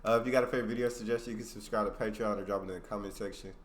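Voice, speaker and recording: A man's voice: on the low side, fairly even intonation, racing. An American man hosting a reaction video, talking casually and slangily straight to his viewers. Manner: hyped, slangy, addresses viewers directly.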